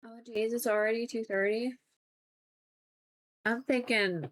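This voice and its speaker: A young adult woman streaming as she paints, chatting in a relaxed, rambling way with lots of "like". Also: mid-range voice, unhurried, long pauses. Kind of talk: casual chat while painting on stream.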